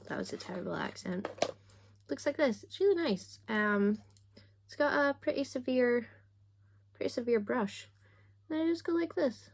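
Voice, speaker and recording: A young woman chatting casually on camera while doing her makeup, with a self-mocking, chatty manner and little asides. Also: a little high. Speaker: book vlogger.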